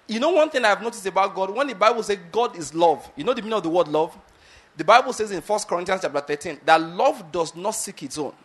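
High-voiced male preacher checking understanding. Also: lively intonation, fast talker, a bit bright, slightly rough. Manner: repeatedly asks the audience if they get the point; acts out Bible characters' lines with shifts in pace. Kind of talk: sermon.

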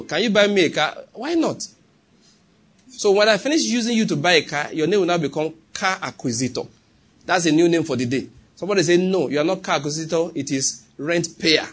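A man's voice: sits high, a bit bright, slightly rough. A man with a Nigerian English accent preaching a sermon, emphatic and often asking whether the congregation follows. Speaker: pastor.

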